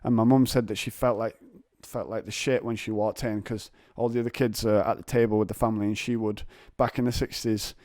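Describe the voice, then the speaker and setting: A young man, hosting a solo podcast in casual chat, telling jokey stories and putting on high voices to mimic people. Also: level tone, a little fast, few pauses, a little mellow, no room sound, studio quality. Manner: jokey storytelling, acts out voices of others in high pitch. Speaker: podcast host.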